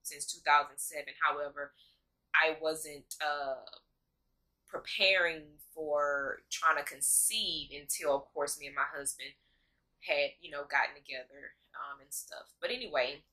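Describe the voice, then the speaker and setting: A woman in her thirties with a low, unhurried voice that still sounds bright, talking heartfelt from her couch at home. She speaks in a halting way, with many fillers, in a casual confessional vlog. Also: fairly even intonation, low-quality recording. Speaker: vlogger.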